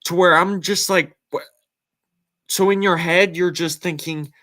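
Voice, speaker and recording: A man's voice: high voice, steady tone, measured pace, long pauses, pushed and bright. A man hosting a casual sports talk show, emphatic and incredulous as he breaks things down. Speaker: podcast host.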